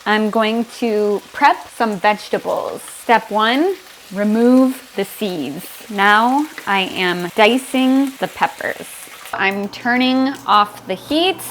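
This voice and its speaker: A woman's voice: mid-range voice, a bit bright, slight background noise. A young woman narrating her day in a casual, chatty vlog, laughing easily. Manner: chatty, laughs often, breathless while running. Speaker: English vlogger.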